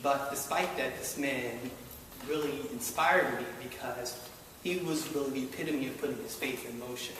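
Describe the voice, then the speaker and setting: A man's voice: mid-range voice, moderate pace. Man telling a wry story in an echoey hall. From Baltimore. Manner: wry, self-deprecating, paced for audience laughs. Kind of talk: live personal storytelling. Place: live event hall with audience. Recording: echoey hall, distant mic, noisy. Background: audience laughter.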